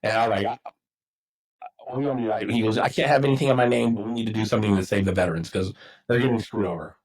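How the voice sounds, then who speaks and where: A man's voice: lowish voice, racing, low-quality recording. A swearing middle-aged man spinning stories. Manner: swears freely, acts out quotes, rambling. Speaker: podcast guest, football coach. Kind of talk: casual storytelling.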